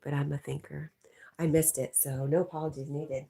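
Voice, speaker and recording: A woman's voice: sits low, normal speed, gravelly, mellow, slightly rough. A woman hosting a casual livestream, chatting and reading viewer comments aloud with frequent laughs. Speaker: livestream host reading chat. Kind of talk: casual live chat.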